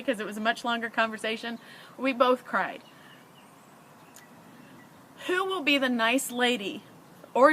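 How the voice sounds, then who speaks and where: A woman's voice: on the high side, bright, forceful tone, slight background noise. A middle-aged woman talking earnestly and emotionally to her viewers, sharing parenting advice in a conversational way. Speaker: parent vlogger. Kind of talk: heartfelt advice to camera.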